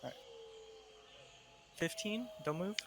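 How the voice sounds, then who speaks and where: A man's voice: high-pitched, lively intonation, slow, creaky, fairly bright tone, slight background noise. A man playing a tabletop game, asking questions and laughing often in casual chat. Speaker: player.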